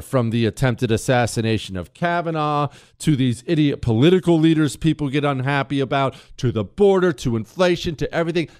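Animated man hosting talk radio. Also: medium pitch, clear, resonant tone, dry recording, studio quality. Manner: animated storytelling with mock quotes and rhetorical questions. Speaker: radio talk show host. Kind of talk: political talk radio monologue. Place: radio studio. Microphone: studio microphone.

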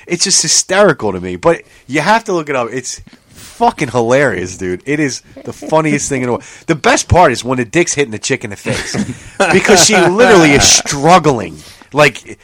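A man with a slightly high voice speaks at a moderate pace, with no echo. Co-hosting a casual podcast chat, he tells animated stories packed with swearing, frequent laughter and incredulous outbursts.

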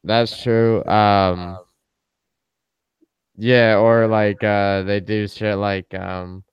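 A young man chatting casually on a podcast, with a very smooth, clear voice recorded close and dry. He tells stories loosely and jumps up in pitch whenever he acts out what someone said. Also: level tone, very slow, dry recording, muffled recording. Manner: loose storyteller who acts out quoted lines in a raised voice. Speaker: podcast co-host. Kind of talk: casual chat.

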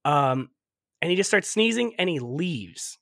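A man on a podcast recapping a movie in casual chat, telling it with lively energy, laughing often and swearing freely. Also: fairly high pitch, measured pace, gravelly, dry recording, studio quality.

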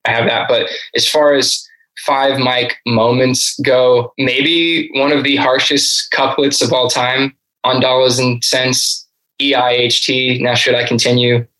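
Brief: male music writer, bright tone, thoughtful and analytical, restarts sentences. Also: mid-range voice, level tone, slow pace, poor audio. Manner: thoughtful, self-correcting, analytical. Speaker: guest writer. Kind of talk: casual podcast interview.

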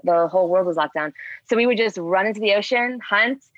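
A woman guest in a casual chat, telling rambling, animated stories packed with fillers. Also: mid-range voice, a little fast, dry recording, dull audio. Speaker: spearfishing guest.

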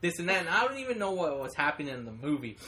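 A man's voice: fairly high pitch, racing, a little hiss or hum. A young man in casual chat, telling a childhood story and acting out quoted lines. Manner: storytelling with animated quoted voices.

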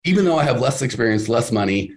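Fast-talking animated man with lively pitch. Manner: animated, emphatic, acts out quoted voices. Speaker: podcast host and business coach. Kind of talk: casual podcast advice.

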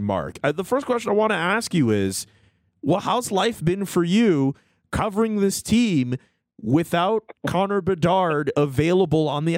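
A man's voice: sits high, no room sound. A man hosting a sports radio show in a studio, chatting casually and upbeat. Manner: lively, laughs easily, upbeat. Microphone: studio mic.

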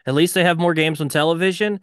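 Male podcast co-host, smooth clear voice, dry studio sound, upbeat and jokey. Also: on the high side, steady tone, fast talker, no echo. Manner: enthusiastic, joking. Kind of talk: casual sports podcast chat.

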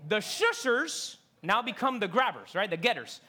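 A preacher delivering a sermon from a stage, telling the story in an animated way, full of rhetorical questions and casual slang. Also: mid-range voice, moderate pace, few pauses, slightly rough.

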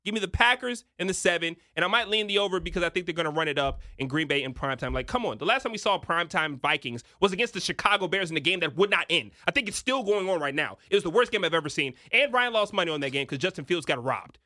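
A young man giving sports betting picks in an emphatic, excitable talk-show manner. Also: sits high, quick pace, hardly any pauses, dry recording, studio quality. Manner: emphatic, rising to excited near-shouts.

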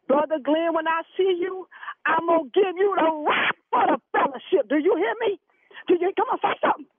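A woman's voice: extremely high pitch, moderate pace, dry recording. A woman playing a sassy secretary, scolding a caller over the phone. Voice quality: preachy, scolding, sharp-tongued. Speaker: church secretary answering the phone. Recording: tinny phone line, dry.

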